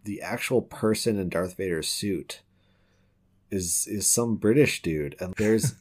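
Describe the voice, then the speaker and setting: A man's voice: lowish voice, unhurried, darkish tone. A man co-hosting a casual podcast chat, rambling with restarts and frequent laughs. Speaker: podcast co-host.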